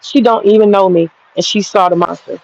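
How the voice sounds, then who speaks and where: A woman's voice: medium pitch, fairly even intonation, a little fast, gravelly, darkish tone, dull audio. A woman in her forties telling a personal story straight to viewers, blunt and profane, laughing through it. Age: 40s. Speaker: vlogger.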